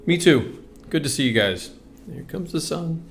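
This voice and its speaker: Upbeat gravelly man hosting a live stream. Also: fairly high pitch, animated, moderate pace, faint music behind. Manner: upbeat, reads viewer comments aloud. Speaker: livestream host. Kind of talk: casual live-stream chat, reading comments.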